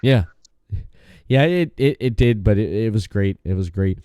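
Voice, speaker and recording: A man's voice: on the low side, lively intonation, moderate pace, dark tone, clear, resonant tone. A man hosting a podcast, chatting casually and enthusiastically, often restarting his sentences and swearing now and then. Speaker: podcast host.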